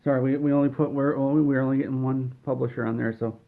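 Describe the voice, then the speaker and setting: A man's voice: mid-range voice, steady tone, fast talker, gravelly, pitched above the performer's own voice, lightly acted. A man doing a smug, cigar-puffing game boss. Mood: bargaining. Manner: laid-back, teasing, bargaining. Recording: tinny phone-like sound.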